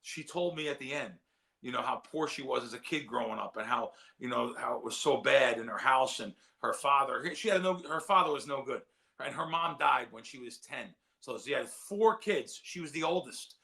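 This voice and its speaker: A man's voice: medium pitch, normal speed, vocal fry, pushed and bright. A man on a sports betting show, talking in a rambling, heartfelt way and often repeating his words. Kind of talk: casual chat.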